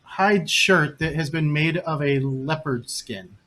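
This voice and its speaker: A man acting as game master, narrating a tabletop game with calm, measured descriptions and rulings. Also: fairly high pitch.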